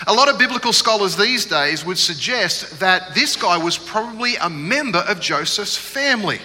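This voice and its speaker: A pastor tells a funny story from the pulpit in a lively way. His voice sits a little high and sounds very bright. It echoes through a church hall over a faint hum. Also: normal speed, few pauses. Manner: humorous storytelling, animated. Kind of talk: sermon.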